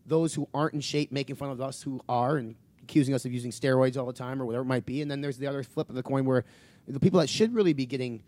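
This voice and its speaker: A man's voice: mid-range voice, darkish tone, dry recording. A man co-hosting a casual podcast, talking bluntly and swearing while giving strong opinions. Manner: blunt, profane, fast opinionated talk. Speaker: podcast co-host.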